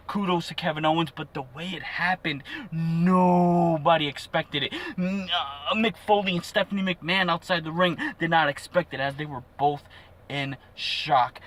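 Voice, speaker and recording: A young man giving a casual, jokey play-by-play recap of a wrestling show, excitable and full of fillers. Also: a little high, a little fast, slight background noise.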